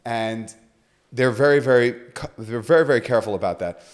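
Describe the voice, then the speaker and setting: Brief: man, mid-pitched, a rabbi telling stories on a podcast, animated, slips into quoted voices. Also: fairly quick. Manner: lively storyteller, acts out quoted voices. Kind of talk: animated storytelling in conversation.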